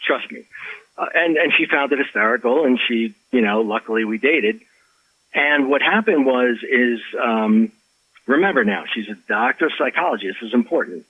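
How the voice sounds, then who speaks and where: Husky man telling a story. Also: medium pitch, normal speed, no echo, narrow, tinny audio. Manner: animated, many restarts and fillers. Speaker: author guest. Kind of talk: storytelling in a podcast interview.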